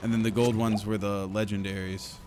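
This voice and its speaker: A man's voice: fairly low pitch, level tone, a little fast. A man chatting loosely while gaming, rambling with fillers. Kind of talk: casual chat while gaming. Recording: background noise.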